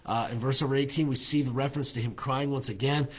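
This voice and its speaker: A husky-voiced man teaching scripture as a pastor in an unhurried devotional. He stumbles through frequent filler words and restarts. When he reads the verses aloud he slows and leans into each phrase. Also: medium pitch, steady tone, fairly bright tone. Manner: halting, many filler uhs and restarts; slows and presses on quoted verses.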